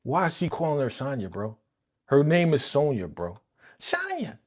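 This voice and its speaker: A young man hosting a live reaction stream, talking casually and excitedly with slang and lots of laughter. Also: medium pitch, normal speed. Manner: animated, laughing, slangy, recaps with quoted lines.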